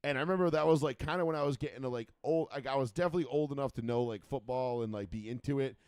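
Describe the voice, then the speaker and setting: A man's voice: mid-range voice, racing, darkish tone, clear, resonant tone, dry recording, clean studio sound. Rambling, profane male sports talk host. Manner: profane, rambling storyteller with many fillers. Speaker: radio show co-host. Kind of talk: casual call-in sports chat.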